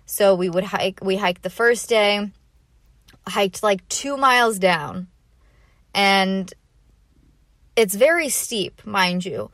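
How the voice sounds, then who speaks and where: A young woman chats through a casual travel story at an ordinary middle pitch. Her talk is loose and rambling, packed with "like" and "you know". The sound is dry and close, with no room in it. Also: animated, takes it slowly, long pauses, fairly bright tone, dry recording. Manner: chatty, filler-heavy with frequent "like". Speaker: vlogger.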